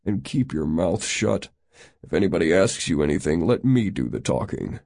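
A man voicing a dour, grumbling older man who speaks curtly and low. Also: animated, vocal fry, darkish tone, full character voice. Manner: curt, grumbling, slow and low.

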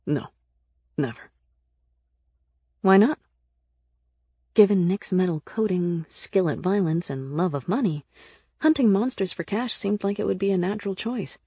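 A woman narrating a first-person audiobook in an earnest, lively storytelling manner. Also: medium pitch, normal speed, husky, no echo, clean studio sound.

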